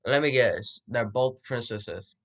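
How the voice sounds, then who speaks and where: A man's voice: mid-range voice, takes it slowly. A man voicing a teasing, cocky teen boy.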